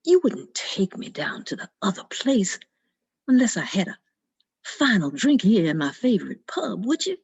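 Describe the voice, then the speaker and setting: A woman's voice: medium pitch, big pitch swings, moderate pace, creaky, a little mellow, slightly rough, exaggerated voice. Jack, a woman doing a sly wheedling trickster. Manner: wheedling, crafty. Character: sly, stingy, clever grown man, Jack.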